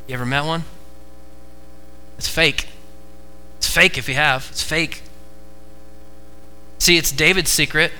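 An American man preaching a sermon to a congregation, emphatic and repetitive, moving between hushed stretches and fervent ones. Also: high voice, smooth, rough recording. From United States. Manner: emphatic, repeats key phrases, swings from hushed to fervent. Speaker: pastor. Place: church before a congregation.

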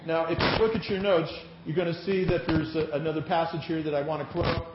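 A male pastor preaching a sermon, reading scripture aloud in an animated way to a congregation. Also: fairly high pitch, fairly quick, background noise. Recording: echoey, slightly dull church recording.

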